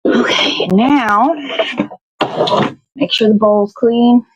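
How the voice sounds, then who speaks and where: Slightly high-voiced woman swearing casually. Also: very slow, muffled recording, slight background noise. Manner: rambling, swears freely, talks to herself. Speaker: host. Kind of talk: casual chat while baking. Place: home kitchen.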